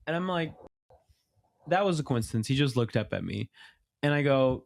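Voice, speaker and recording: Young male podcast host, chatty and lively, laughs through his stories. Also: mid-range voice, moderate pace, creaky. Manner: animated storytelling, laughs often. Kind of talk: casual chat.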